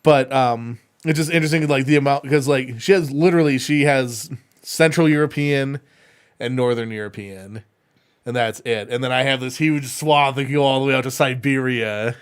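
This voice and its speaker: A man's voice: mid-range voice, steady tone, normal speed, clear, resonant tone. A young man co-hosting a podcast, chatting casually and rambling with many fillers and restarts. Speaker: podcast co-host. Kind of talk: casual chat.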